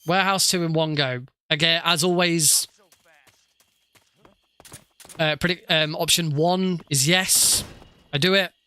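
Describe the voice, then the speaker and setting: A male streamer gives casual commentary on his own gameplay. His voice sits a little high and sounds bright. He jokes about his mistakes and laughs easily. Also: fairly even intonation, moderate pace, clear, resonant tone, no echo. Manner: chatty, self-mocking, laughs often.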